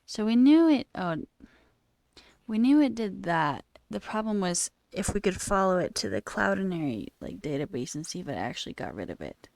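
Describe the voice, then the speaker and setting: A woman's voice: medium pitch, very animated, moderate pace, creaky, darkish tone, no room sound, clean studio sound. A young woman streamer chatting casually and thinking aloud while she works on code. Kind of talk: casual coding stream chat.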